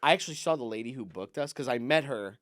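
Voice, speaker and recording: A man and comedian on a podcast telling rambling stories, acting out the people he quotes in a higher voice. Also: lively intonation, quick pace, fairly bright tone, no echo, clean studio sound. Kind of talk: casual storytelling chat.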